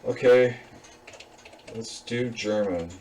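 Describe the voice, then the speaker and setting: Relaxed rambling man, a little off-mic. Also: fairly low pitch, slow pace, recorded from a distance, slight background noise, low-quality recording. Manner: relaxed, rambling, many fillers and chuckles. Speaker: student presenting a class assignment. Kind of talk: casual screen-recorded code walkthrough.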